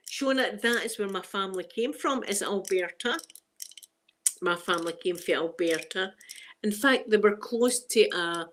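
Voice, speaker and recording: A woman's voice: mid-range voice, a little hiss or hum. Scottish woman, live-stream host, rambling chatty delivery, laughs easily. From Scotland. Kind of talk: casual chat with live viewers.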